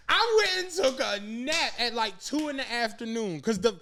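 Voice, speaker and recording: High, lively man telling a story. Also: slow, vocal fry, slight background noise. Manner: animated, laughing, profane, acts out quoted voices. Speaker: podcast guest telling a story. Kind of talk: casual storytelling among friends.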